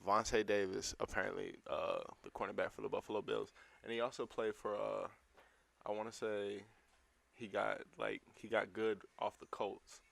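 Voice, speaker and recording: A young man co-hosting a podcast in casual chat, talking in laid-back slang with loud teasing bursts. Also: on the low side, steady tone, normal speed, creaky. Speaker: podcast co-host.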